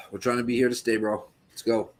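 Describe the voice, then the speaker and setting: A man's voice: mid-range voice, level tone, fairly quick, a little hiss or hum. A man hosting a live betting stream, hyping donors and asking viewers for support. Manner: loud hype, asks viewers for donations. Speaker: stream host. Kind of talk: casual live stream banter.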